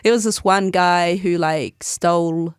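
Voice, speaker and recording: A woman's voice: lowish voice, fairly even intonation, measured pace, clean tone, dry recording. Chatty young New woman, dry sound. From New Zealand. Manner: chatty storyteller, laughs often mid-sentence. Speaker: guest. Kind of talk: casual interview chat.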